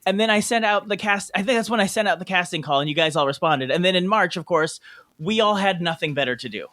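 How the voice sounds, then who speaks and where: A man's voice: high voice, animated, quick pace, bright, forceful tone. A man hosting a podcast reunion over a video call, chatty and laughing often. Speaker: podcast host. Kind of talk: casual video-call chat.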